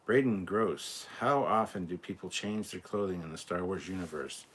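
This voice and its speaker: A Scottish man with a notably deep, husky voice hosts a relaxed live stream at a moderate pace. He reads viewer comments aloud and answers them loosely and chattily, swearing freely.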